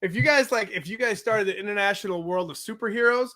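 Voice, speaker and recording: A man with a fairly high voice co-hosts a casual chat show. He laughs a lot and reads out viewer comments as he goes. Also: fast, pushed and bright. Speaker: podcast co-host.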